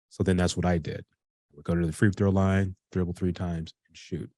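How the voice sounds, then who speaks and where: A man in his forties walks through a workshop topic in a relaxed, conversational way, trips over a word now and then, and starts again. His voice is very low. The sound is dry, with no room echo. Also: moderate pace. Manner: conversational, with frequent restarts and fillers. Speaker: speaker teaching a self-improvement workshop. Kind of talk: casual explanatory talk.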